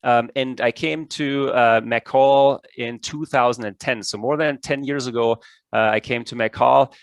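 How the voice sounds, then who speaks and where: A man's voice: mid-range voice, steady tone, a little slow, dry recording. German accent guy giving a zoom lecture, lots of uhs and ums, dry close sound. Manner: hesitant, many fillers and restarts. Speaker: presenter, ecology professor. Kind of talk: online lecture. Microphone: video call.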